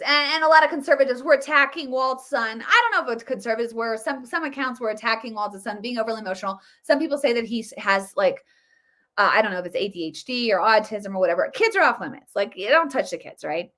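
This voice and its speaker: A woman's voice: on the high side, lively intonation, quick pace, sharp tone. A woman giving casual political commentary, emphatic and repeating her points. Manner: emphatic, repetitive.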